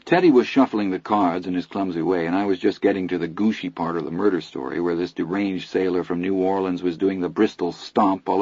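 A man reading a first-person novel aloud in a steady, reflective storytelling manner, in a dull lo-fi recording. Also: low voice, no echo. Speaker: audiobook narrator. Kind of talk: first-person literary narration.

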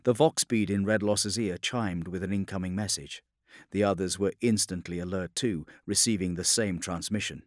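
Grave low-voiced male narrator. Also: steady tone, no room sound, studio quality. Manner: measured, grave storytelling. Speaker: audiobook narrator. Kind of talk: scripted dramatic narration.

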